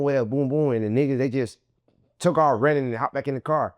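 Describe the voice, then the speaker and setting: A man being interviewed as a guest, telling his story in animated, profane slang and acting out what others said in a raised voice. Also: mid-range voice, fast talker, no room sound. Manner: acts out quoted people in a raised voice.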